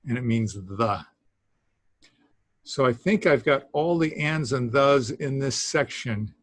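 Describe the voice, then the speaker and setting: A man teaching a beginners' language class, talking haltingly with many fillers and small laughs. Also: mid-range voice, lively intonation, no echo. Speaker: Greek teacher. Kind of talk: classroom lesson.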